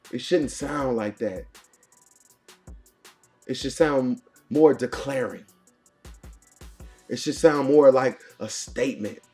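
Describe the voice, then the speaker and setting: Hosting a morning motivation show, a man with a warm, slightly high voice preaches in punchy lines that he repeats. His delivery has a preachy call-and-response cadence typical of motivational talk.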